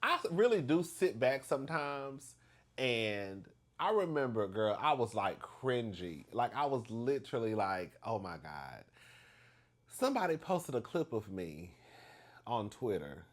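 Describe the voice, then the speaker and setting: Male vlog host, casual storytime gossip, very expressive sing-song delivery, quick to laugh. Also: mid-range voice. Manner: animated and gossipy, keeps calling the listener "girl"; laughs often between lines.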